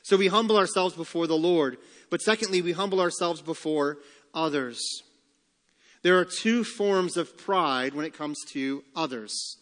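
Male pastor, emphatic sermon delivery, slightly high voice, live church reverb. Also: fairly bright tone. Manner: emphatic preaching, slowing and rising on key phrases. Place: church sanctuary. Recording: long church hall reverb.

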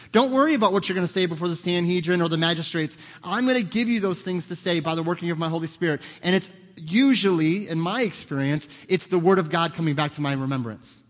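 A man's voice: high voice, fairly bright tone. A man preaching a sermon as pastor, earnest and conversational, sharing personal stories. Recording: long hall reverb.

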